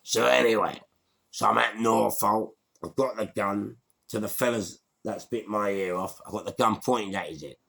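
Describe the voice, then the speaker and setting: A man in his sixties with a London accent, telling a street story in a slangy, animated way. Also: on the low side, moderate pace. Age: 60s. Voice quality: gravelly. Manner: animated, slangy, acts out voices. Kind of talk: storytelling monologue.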